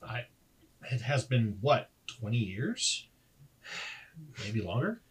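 A man's voice: medium pitch, big pitch swings, slow. A man playing a tabletop game in character, polite and hesitant. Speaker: player.

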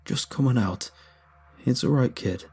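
A man voicing a calm, folksy small-town Southern man with a Louisiana accent. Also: mid-range voice, unhurried, creaky, breathy edge, voice pushed up. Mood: soothing. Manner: soothing, folksy.

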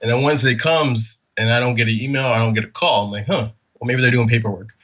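A man's voice: medium pitch, fast talker, muffled recording. A man from California, a podcast guest, telling a story in a casual interview and acting out the quoted dialogue. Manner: animated, acts out quoted dialogue.

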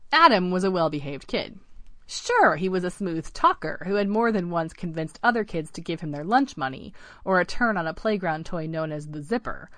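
A woman's voice: on the low side, animated, moderate pace, a bit bright, no room sound. Dry-voiced woman narrating a story. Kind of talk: scripted narration of a children's story.

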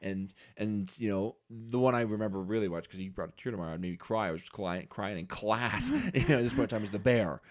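A man's voice: fairly low pitch, animated, a little fast, few pauses. A middle-aged man co-hosting a podcast, chatting casually and telling stories earnestly and with feeling. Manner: earnest, emotional storyteller. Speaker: podcast co-host. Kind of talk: casual chat about faith and books.

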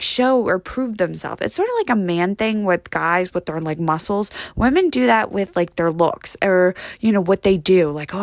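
A woman's voice: medium pitch, dry recording. Brash rambling woman, dry close sound. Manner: brash, rambling, heavy on "like" and "you know". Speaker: comedic monologue performer. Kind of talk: profane comedic rant.

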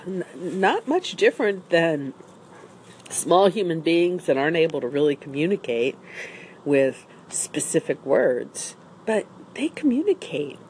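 A woman's voice: deep voice, sing-song, a little slow, darkish tone, slight background noise. A woman talking upbeat and rambling in a casual outdoor morning vlog, with an allergy cough. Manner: rambling and upbeat, with small restarts. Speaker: vlogger. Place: outdoors with dry leaves on the ground.

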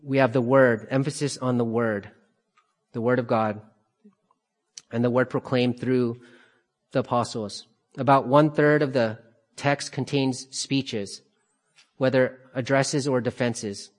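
A man teaching a Bible study, calmly explaining passages and repeating key phrases for emphasis. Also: medium pitch, measured pace, long pauses.

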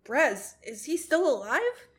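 A woman's voice: sits high, sing-song, slow, fairly bright tone, pitched above the performer's own voice, heavily acted. A woman voicing a male scrapyard coworker who speaks casually and calls his friend "mate", read aloud from a story. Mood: easygoing.

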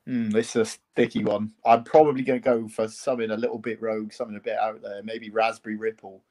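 A man who plays for a club team, a guest on a casual interview, talking in a relaxed and easygoing way. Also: lowish voice, quick pace, rough recording.

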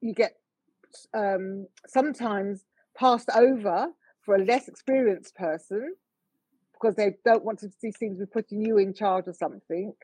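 A middle-aged woman speaks as an interview guest. Her voice is husky, and the sound is dry and close. She talks earnestly and evenly, pausing on small fillers. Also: mid-range voice, dark tone, no echo, rough recording. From United Kingdom. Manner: earnest, measured, with frequent fillers. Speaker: guest, motorsport official. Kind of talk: conversational interview.

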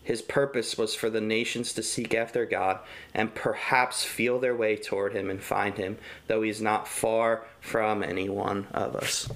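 A man's voice: lowish voice, little pitch movement, measured pace, hardly any pauses, a bit bright. A young man and father preaching a devotional sermon in an earnest, conversational way, with casual fillers. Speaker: pastor.

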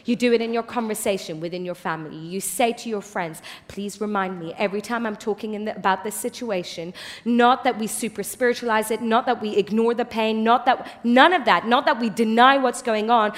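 A woman pastor preaching a passionate sermon in a large church hall, swinging from hushed tones to loud declarations. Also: a little high, a little fast. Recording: long hall reverb.

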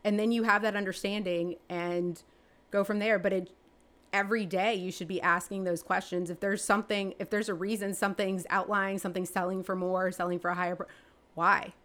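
A chatty woman talks through interview answers. She rambles, restarts her sentences and fills them with likes and you-knows. Her pitch leaps up whenever she gets excited, all in a voice of middling height. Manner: chatty, fast, with many fillers and restarts; animated, pitch jumping up when excited. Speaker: real estate agent and team leader.

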